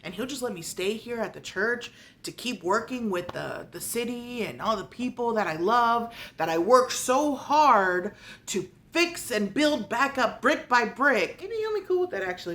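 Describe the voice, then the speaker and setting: A woman's voice: medium pitch, lively intonation, moderate pace, a bit bright, lightly acted. A woman doing a naive lovesick priest. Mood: dreamy. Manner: naive, rambling self-talk. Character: lovesick young male priest, naive and whiny.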